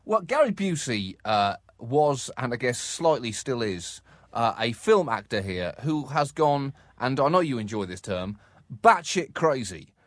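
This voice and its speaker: An English man co-hosting a comic podcast, reading listener emails aloud with an animated, laughing manner. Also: medium pitch, measured pace, dry recording, clean studio sound. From England. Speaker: podcast co-host.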